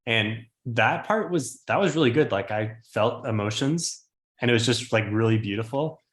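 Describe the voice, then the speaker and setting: A man's voice: medium pitch, lively intonation, normal speed, a bit bright. Podcast host guy, chill, asks the questions, sounds kinda echoey. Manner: easygoing, steers the talk with questions. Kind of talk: casual podcast chat. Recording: roomy echo.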